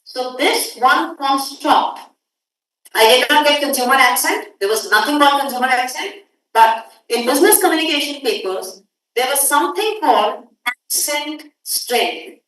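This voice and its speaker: A woman teaching a workshop, lecturing students and briskly telling them to hurry up. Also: high-pitched, animated, a bit bright. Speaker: workshop instructor. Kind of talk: classroom lecture. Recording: echoey room audio from far off.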